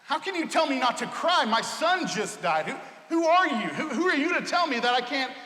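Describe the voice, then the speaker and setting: A man puts on a distraught grieving mother who shouts and stammers her outrage, in a raised, bright voice. The sound rings through an echoey church hall. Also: extremely high pitch, sing-song, normal speed, voice pushed up, full character voice. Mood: indignant.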